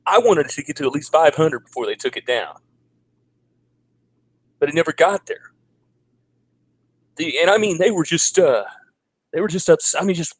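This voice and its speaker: A man in his forties ranting in a casual livestream, crude and sarcastic, now and then mocking people in a high put-on voice. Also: moderate pace, long pauses, no echo, rough recording. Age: 40s. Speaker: vlogger. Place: home in the Philippines.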